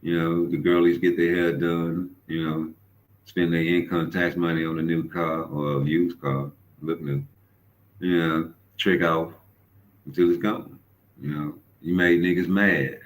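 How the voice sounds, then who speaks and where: Deep-voiced man ranting loosely. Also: fairly even intonation, normal speed, poor audio. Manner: profane, rambling, storytelling with repeated fillers. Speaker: boxing commentary host. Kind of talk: casual commentary rant.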